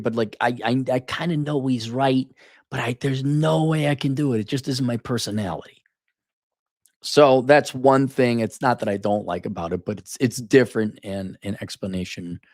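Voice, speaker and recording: A man's voice: mid-range voice, expressive, normal speed, darkish tone, dry recording. Older guy ranting blunt and sweary, does mocking quote voices, dry sound. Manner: blunt, profane, exasperated; acts out mocking quotes in raised voice. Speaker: commentator. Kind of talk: casual opinion monologue.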